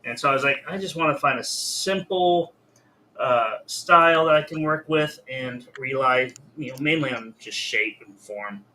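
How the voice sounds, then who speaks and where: Tired male guest artist, bright voice. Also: medium pitch, moderate pace, a little hiss or hum. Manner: relaxed, hesitant, many fillers. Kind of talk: casual chat while drawing.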